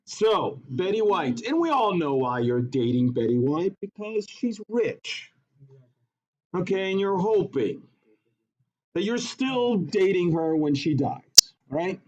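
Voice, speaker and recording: Guy teacher joking around w his class, slow and kinda high, dull lo-fi sound. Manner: joking, animated, teasing students. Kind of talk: classroom lesson.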